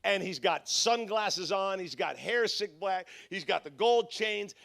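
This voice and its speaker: A man with a high-pitched voice preaches at a conference. He tells a humorous story in an animated way, acting out the other people's voices. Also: measured pace, gravelly. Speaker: pastor. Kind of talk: conference sermon.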